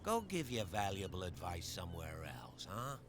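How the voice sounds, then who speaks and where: An actor playing an impatient, dismissive small-town police officer in a video game. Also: male voice, deep voice, very animated, moderate pace, noisy background.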